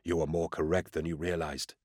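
A man voicing a grim, dutiful male warrior captain who speaks in a firm, deliberate, commanding way. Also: deep voice, level tone, darkish tone, no room sound, studio quality. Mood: resolute.

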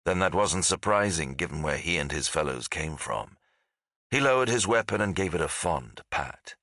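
Deep-voiced man narrating a fantasy audiobook. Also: animated, moderate pace, sharp tone, no room sound, studio quality.

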